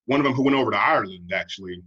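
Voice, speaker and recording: A man's voice: lowish voice, rapid-fire, slightly rough, lo-fi sound. An American man co-hosting a podcast, talking in a reflective, wry way and acting out other people in a raised voice. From United States. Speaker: podcast co-host. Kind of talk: casual conversation.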